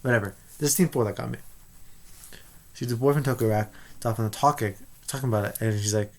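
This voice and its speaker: Man vlogger, mid-pitch, rambling spoiler review, eager and loose, keeps restarting. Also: a little fast. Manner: rambling, excitable, many restarts. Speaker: movie reviewer.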